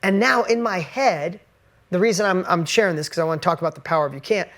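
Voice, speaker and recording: A man's voice: sits high, quick pace, fairly bright tone. A man giving an earnest, conversational motivational talk straight to camera, pressing his points with emphasis. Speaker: motivational speaker.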